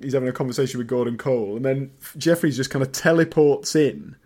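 British male podcast co-host, mid pitch, chatty and rambling, bursts high and loud when excited. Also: fast talker. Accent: British English. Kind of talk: casual film chat.

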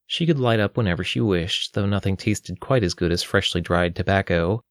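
Man, audiobook narration, steady storytelling, low pitch, dry studio sound. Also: normal speed, no room sound.

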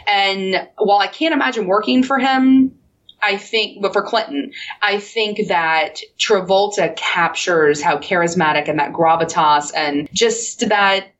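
A woman's voice: medium pitch, unhurried, a bit bright. Female podcast co-host, reflective and given to laughing, on a muffled line with light hiss. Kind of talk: casual conversation. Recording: dull, slightly noisy line.

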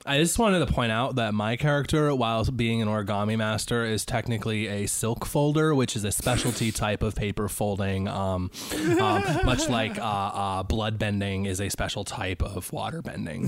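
A man's voice: fairly low pitch, moderate pace, hardly any pauses, dry recording. A man playing in a tabletop game podcast, chatting with laughing asides. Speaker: player. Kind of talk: casual podcast banter.

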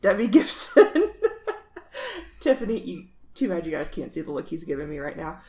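Relaxed woman guest in echoey room. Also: fairly low pitch, moderate pace. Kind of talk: casual chat. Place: small apartment room.

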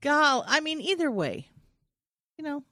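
Podcast host, woman, animated and wry, dry recording. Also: sits high, unhurried, no room sound. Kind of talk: casual chat.

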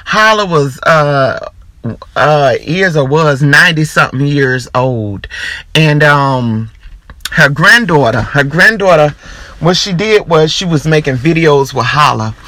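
A man's voice: fairly high pitch, expressive, a little slow, sharp tone, dry recording. A man hosting his own podcast, chatting casually and animatedly, breaking into hard laughter. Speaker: podcast host. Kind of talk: casual chat.

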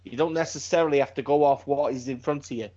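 A man's voice: medium pitch, steady tone, fast, a little mellow. A man in casual podcast chat, swearing and repeating himself for emphasis. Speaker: podcast host. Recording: dull lo-fi sound.

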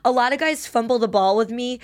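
A woman's voice: fairly high pitch, fairly quick. A woman guest in casual podcast chat, talking freely and often laughing and acting out her own reactions. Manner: chatty, laughs often, quotes herself in lively asides. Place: Las Vegas.

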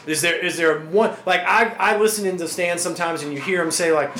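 A man's voice: sits high, a little fast, a bit bright. Chatty man with an echoey sound. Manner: talkative, agreeable, frequent fillers. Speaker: podcast host. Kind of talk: casual sports interview. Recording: echoey room with faint background noise.

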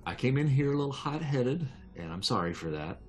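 A game master voicing a weakened grown man who talks in a sheepish, offhand way, close to his own deep voice. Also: very animated, brisk, faint music behind, lightly acted.

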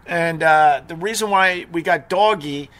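Brief: middle-aged male streamer, allergy-stuffy, blunt rambling rant, slightly high, bright tone. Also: measured pace. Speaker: live stream host. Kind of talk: casual live stream rant.

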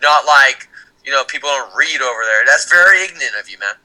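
A man's voice: mid-range voice, lively intonation, fairly quick, sharp tone, poor audio. A man joking sarcastically and teasing his friends in a casual podcast chat. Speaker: podcast co-host.

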